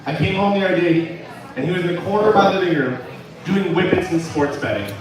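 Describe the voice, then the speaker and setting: A man performing a stand-up comedy set at a club, telling dark jokes in a deadpan way with laughing asides. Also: sits high, fast. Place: comedy club stage with live crowd. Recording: echoey live room from far off with crowd.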